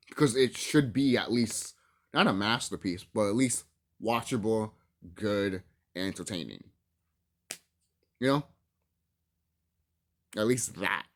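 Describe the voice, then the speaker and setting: Speaking slowly with frequent pauses, a man with a lowish voice rants casually to his viewers as a YouTube movie commentator. His talk is full of swearing, frequent laughter, and repetition for emphasis.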